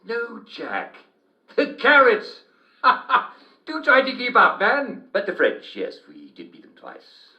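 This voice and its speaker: An actor playing a mad, cheerfully unhinged old King George the Third, excitable and rambling. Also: slow, muffled recording, exaggerated voice. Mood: manic. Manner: excitable, shrieking pitch jumps, rambling.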